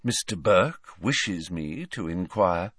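A man voicing a cold, polite young shop assistant who speaks quietly and carefully. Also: low voice, lively intonation, breathy edge, dry recording, studio quality, exaggerated voice. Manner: quiet, measured, restrained.

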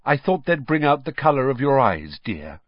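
A man voicing a fussy, brisk middle-aged mother witch who scolds in a raised, bossy voice, read from a storybook. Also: huge pitch swings, slightly rough, dry recording, full character voice. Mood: fond. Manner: scolding, high-pitched and bossy. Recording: dull, dry, slightly lo-fi recording.

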